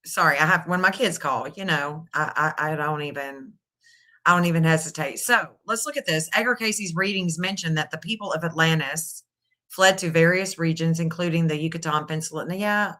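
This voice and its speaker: A woman's voice: deep voice, fairly quick, sharp tone. A middle-aged woman hosting a casual live stream, thinking aloud and reading out searches as she goes. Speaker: live stream astrology reader.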